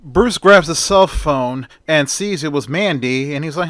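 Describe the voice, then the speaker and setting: A man narrates a homemade hero story in a plain, chatty manner. His voice sits at an ordinary middle pitch. The recording is dry and close. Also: normal speed, few pauses, a bit bright, dry recording. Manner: plain, chatty retelling with "and then". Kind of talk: casual amateur storytelling.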